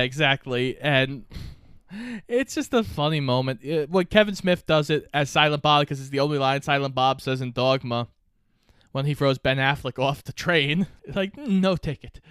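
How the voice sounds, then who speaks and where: Smooth-voiced man recapping a movie. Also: medium pitch, fairly bright tone, no room sound, studio quality. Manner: recaps plot, quoting lines in offhand voices. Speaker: podcast co-host. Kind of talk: casual movie recap chat.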